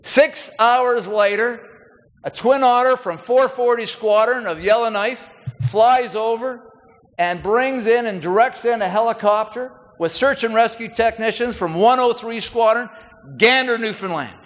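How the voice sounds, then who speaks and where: A man's voice: extremely high pitch, measured pace. Man, middle-aged, speech, folksy, reverberant hall. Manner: conversational, folksy storyteller. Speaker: senior military leader. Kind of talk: public speech with anecdotes. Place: large hall with audience.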